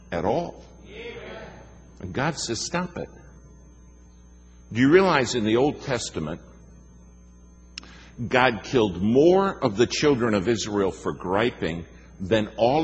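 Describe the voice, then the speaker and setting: A man preaching a sermon in a folksy, emphatic way, telling stories and slowing down to stress his points. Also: fairly low pitch, in a large hall. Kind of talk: sermon with storytelling.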